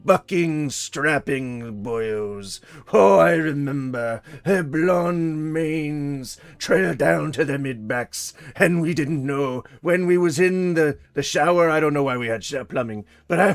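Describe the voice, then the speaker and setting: A man's voice: fairly high pitch, creaky, no echo, heavily acted. A man putting on a blustering old pirate. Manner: theatrical, rambling pirate talk. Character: boastful old male pirate storyteller.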